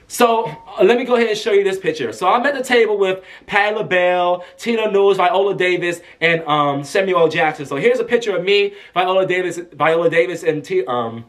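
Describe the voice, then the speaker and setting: Excitable high-voiced man telling a story. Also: a little fast, hardly any pauses. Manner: excited, animated storytelling with bursts of shouting. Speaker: vlogger. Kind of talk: casual storytime vlog.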